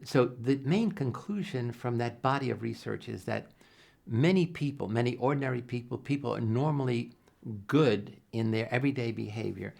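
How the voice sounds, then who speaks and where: Gravelly older man recounting a study. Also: medium pitch, normal speed. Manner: earnest, animated retelling with acted-out quotes and many restarts. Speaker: psychologist interviewee. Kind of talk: reflective interview storytelling.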